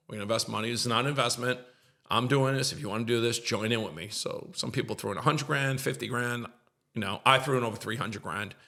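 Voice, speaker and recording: A man's voice: fairly low pitch, gravelly, bright, forceful tone. A middle-aged man, a podcast guest, tells an emotional story in an earnest, repetitive way and gets choked up at times.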